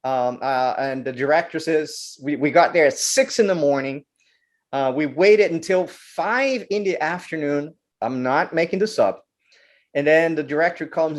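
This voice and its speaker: A man from Brazil, a guest filmmaker telling stories in an interview, animated and often repeating words as he goes. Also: fairly high pitch, a little slow. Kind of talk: storytelling interview.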